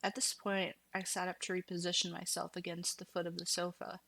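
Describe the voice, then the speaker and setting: A woman reading a horror story aloud as scripted narration in a hushed manner that slips into whispers. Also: on the low side, little pitch movement, fairly quick, gravelly, dry recording.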